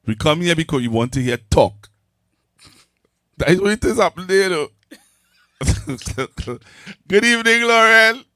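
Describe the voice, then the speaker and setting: A man's voice: fairly high pitch, animated, unhurried, long pauses, no echo, studio quality. Laughing, teasing Trinidadian man host. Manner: jokey, laughs often, teasing. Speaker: talk show host. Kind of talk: casual chat.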